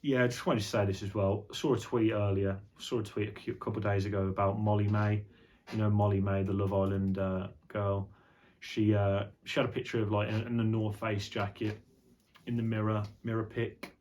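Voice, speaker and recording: A young man talks off the cuff on his vlog. His voice sits a little low, and he rambles from joke to joke with easy, casual swearing. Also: level tone, fairly quick, darkish tone, a little hiss or hum. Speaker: vlogger. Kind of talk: casual unscripted vlog chat.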